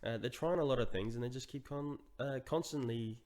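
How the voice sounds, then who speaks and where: A man co-hosting a casual sports podcast, animated and quick to laugh. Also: medium pitch. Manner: animated, laughs often, says "mate". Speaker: podcast co-host.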